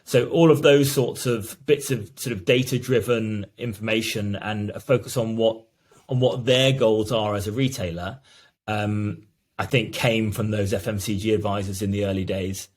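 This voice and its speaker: Earnest low-voiced founder, man. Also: steady tone, normal speed. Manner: earnest, explanatory, many restarts. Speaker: brand founder guest. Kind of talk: business interview answers.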